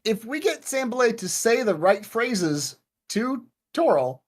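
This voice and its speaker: Texan male player, high pitch, giggly, stammers. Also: big pitch swings, slow pace. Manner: joking, stammers and restarts, giggles. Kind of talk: casual out-of-game table chat.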